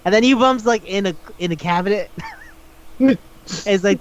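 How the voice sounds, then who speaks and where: A man's voice: on the high side, normal speed, pauses often, smooth. A man co-hosting a casual podcast chat, talking animatedly, swearing often and acting out characters' lines as he retells a story. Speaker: podcast co-host. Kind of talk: casual chat recapping a manga. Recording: dull lo-fi recording.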